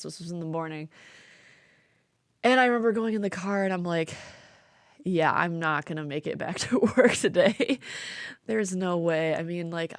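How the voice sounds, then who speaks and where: A woman's voice: fairly low pitch, no echo, clean studio sound. A young woman co-hosting a podcast, chatting casually and laughing often, with lots of fillers. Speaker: podcast co-host. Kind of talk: casual chat.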